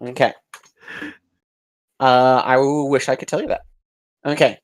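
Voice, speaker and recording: Man, dungeon master, unhurried, vivid rambling narration, lots of fillers. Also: mid-range voice, steady tone, poor audio. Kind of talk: narrating a tabletop game.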